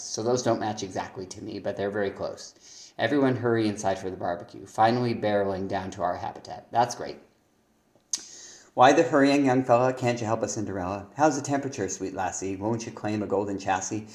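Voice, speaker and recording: Low-voiced man giving lyric feedback. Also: a little fast, darkish tone, reverberant. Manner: reads lines aloud then comments on stress, thinking aloud with fillers. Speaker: songwriting teacher. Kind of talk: reviewing lyrics aloud.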